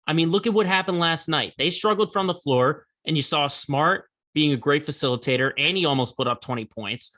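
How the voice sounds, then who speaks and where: A man with a bright, forceful voice, a little higher than most men's, talking through the week in sports on his own podcast. He speaks in a loose, conversational way and jumps up into emphatic bursts when he makes a point. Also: brisk, hardly any pauses. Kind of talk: solo sports commentary.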